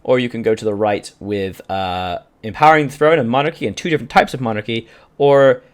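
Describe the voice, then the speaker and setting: A man's voice: mid-range voice, a little fast. A man casually commenting on his strategy game as he plays, swearing freely and answering questions from his live chat. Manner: chatty, profane, reads out chat questions. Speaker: video game streamer.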